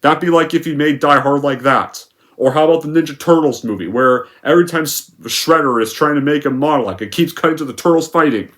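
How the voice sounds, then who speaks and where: A man's voice: fairly high pitch, fast talker, a bit bright. A young man giving a rambling, profane movie review rant, full of restarts and fillers. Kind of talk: ranting film review.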